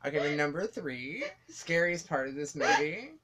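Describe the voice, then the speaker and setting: A man's voice: on the high side, animated, moderate pace, fairly bright tone. Man doing a singsong mocking impression of a woman. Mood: teasing. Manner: exaggerated, repetitive mocking. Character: man mimicking his female co-host, singsong.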